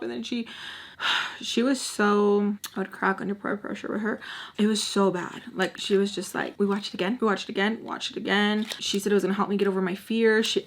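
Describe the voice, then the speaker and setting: A woman's voice: medium pitch, a little hiss or hum. Woman, young adult, chatty storyteller, slips into whispers. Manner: chatty, animated, often drops to a whisper. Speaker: storytime vlogger. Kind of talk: casual storytelling.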